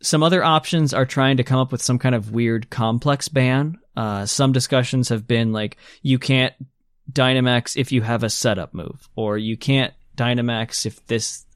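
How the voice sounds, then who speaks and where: A man leads a relaxed gaming podcast with eager, long-winded explanations. His mid-pitched voice is recorded dry, with no room sound around it. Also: moderate pace, clean tone, dry recording. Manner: enthusiastic, explains at length. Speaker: podcast host. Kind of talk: casual gaming podcast chat.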